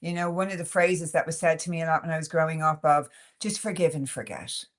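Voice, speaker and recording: A woman's voice: low-pitched, little pitch movement, fast. A woman with an Irish accent, a podcast guest who talks frankly and animatedly in a casual interview, full of "like" and "you know" fillers. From Ireland. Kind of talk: candid conversational interview.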